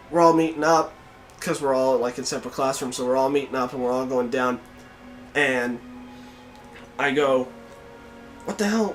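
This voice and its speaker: A young man hosting a podcast, telling a story in casual chat, swearing freely and shouting out the quoted lines. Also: medium pitch. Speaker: podcast host.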